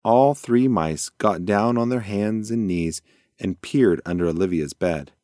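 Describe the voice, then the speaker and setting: A man reading a children's bedtime story aloud in a gentle, lively storytelling way. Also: on the low side, unhurried, no room sound, clean studio sound. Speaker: narrator.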